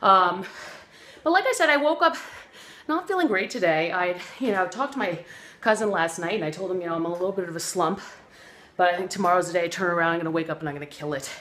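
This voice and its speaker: A woman rambles earnestly through a comic motivational monologue, stumbling over fillers and restarting her sentences. Her voice sits a little low, and the room around her is echoey with faint background noise. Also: fast, fairly bright tone. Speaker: self-help vlogger.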